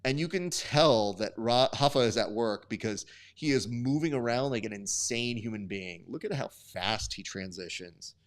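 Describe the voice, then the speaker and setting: A man's voice: mid-range voice, animated, normal speed, hardly any pauses. A young man hosting a live stream, giving sport commentary in casual, chatty, profane banter. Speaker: host.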